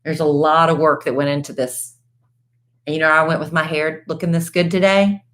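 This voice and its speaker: A low-pitched woman co-hosts a podcast from home. She chats casually and easily in a folksy way. Now and then she calls people "honey" and says "y'all.". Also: flat delivery, fairly quick, a bit bright. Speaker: podcast co-host. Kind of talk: casual chat.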